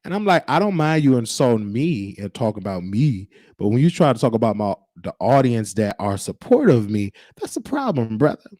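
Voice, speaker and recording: A man's voice: mid-range voice, big pitch swings, fairly quick, few pauses, warm tone, dry recording. A man hosting his own show, talking in an emphatic, preachy way and repeating his points. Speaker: show host. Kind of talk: casual livestream monologue. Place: Texas.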